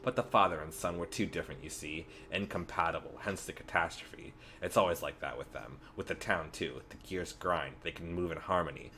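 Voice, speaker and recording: A man quietly reading aloud the lines of a cryptic girl changeling in a game. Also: deep voice, fairly quick, few pauses, slight background noise.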